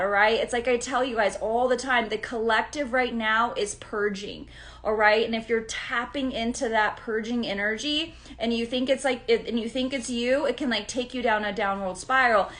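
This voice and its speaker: A woman with a fairly high voice talks to her live-stream viewers as an astrologer. She chats in a loose, friendly way and keeps checking in with them. She also greets people by name as she goes. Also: steady tone, normal speed, fairly bright tone.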